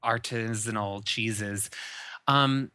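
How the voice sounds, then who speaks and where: Bright, dry-voiced male podcast co-host. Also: fairly low pitch, drawn-out words, no room sound. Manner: animated, restarts sentences often. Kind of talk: casual chat.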